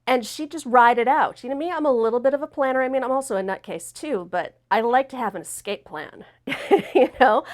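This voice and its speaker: A woman hosting a talk show, telling a personal story in a lively way and acting out the voices of the people in it. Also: on the high side. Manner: animated, acts out quoted voices. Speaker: host.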